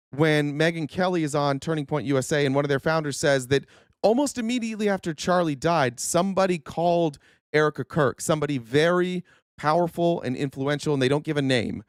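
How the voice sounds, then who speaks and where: A man's voice: fairly high pitch, a little fast, no echo, clean studio sound. A man hosting a political commentary livestream, earnest and indignant, stumbling over restarts and losing his voice. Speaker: host.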